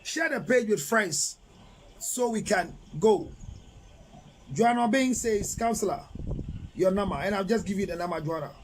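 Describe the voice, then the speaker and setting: Reading viewer messages aloud on a live stream, this middle-aged Ghanaian-accented counselor delivers relationship advice in a lecturing, emphatic tone, often asking rhetorical questions. He speaks at a moderate pace with frequent pauses in a high-pitched voice, over a faint hiss or hum.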